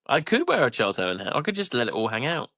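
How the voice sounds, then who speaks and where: A man's voice: medium pitch, huge pitch swings, rapid-fire, sharp tone, dry recording, studio quality. A man in his forties co-hosting a podcast, chatting casually and often restarting his sentences. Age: 40s. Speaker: podcast co-host. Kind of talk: casual chat.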